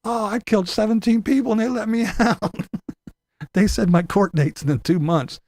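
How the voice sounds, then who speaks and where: Dude putting on a smug crook voice, kinda high, gloating. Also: male voice, moderate pace, darkish tone, no echo, studio quality. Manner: raised, gloating, mocking put-on voice. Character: smug freshly released male criminal.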